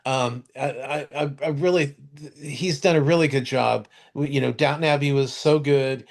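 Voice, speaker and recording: A man co-hosting a podcast, chatting casually about TV shows in a rambling, halting way full of restarts and fillers, and swearing now and then. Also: mid-range voice, fairly even intonation, gravelly. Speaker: podcast co-host. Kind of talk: casual chat reviewing TV shows.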